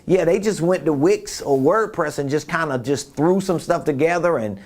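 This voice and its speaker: A man's voice: fairly high pitch, normal speed, a little mellow. Emphatic man coaching on business. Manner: emphatic, repeats key points; acts out quotes with voices. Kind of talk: coaching talk.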